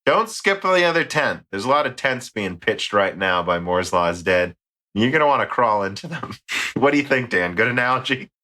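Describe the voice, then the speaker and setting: Bright-voiced American podcast host. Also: male voice, mid-range voice, very animated, moderate pace. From United States. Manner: rambling, joking, reads listener mail aloud. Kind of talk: casual tech podcast chat.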